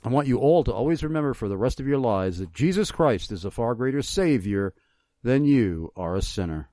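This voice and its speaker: A man in his sixties hosting a talk show, speaking in an earnest, measured way. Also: mid-range voice, animated, warm tone, no room sound. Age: 60s. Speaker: radio show host. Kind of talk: talk show, personal testimony.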